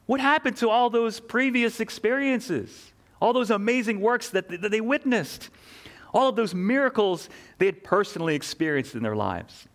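A man's voice: high voice, lively intonation, moderate pace, fairly bright tone. A man preaching a sermon, earnest and emphatic, asking rhetorical questions and repeating key phrases. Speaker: pastor.

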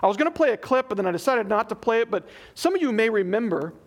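A pastor with a high-sitting voice preaches a sermon in church at a quick pace. He's animated, acting out the people he quotes as he tells the story.

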